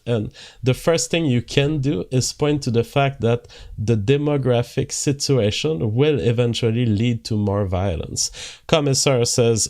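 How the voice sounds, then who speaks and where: A man hosting a livestream, reading viewer messages aloud and explaining at length in a measured way. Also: medium pitch, mellow. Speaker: host.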